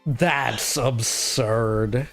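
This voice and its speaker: Late at night and clearly drunk, a streamer hosts a loose, casual chat in a slow, drawn-out voice of middling pitch. They ramble, curse, let sentences fade, and hiccup from time to time while faint music plays.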